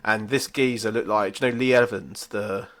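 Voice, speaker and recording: A man co-hosting a podcast, speaking in a somewhat low voice. He trades stories in laid-back, sweary casual chat. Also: fairly even intonation, normal speed. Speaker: podcast co-host.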